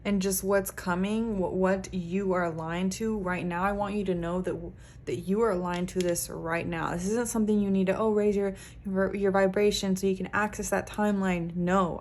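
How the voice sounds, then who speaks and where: A woman's voice: medium pitch, darkish tone, slight background noise. A woman giving a pick-a-card tarot reading as a psychic reader, talking earnestly and emphatically with frequent "like".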